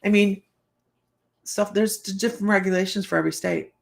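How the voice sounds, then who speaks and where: A woman's voice: mid-range voice, fairly even intonation, brisk, vocal fry. A woman hosting a casual live stream as a psychic reader, telling rambling stories and laughing often. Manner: rambling, chatty, laughs often, many fillers. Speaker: psychic reader and show host.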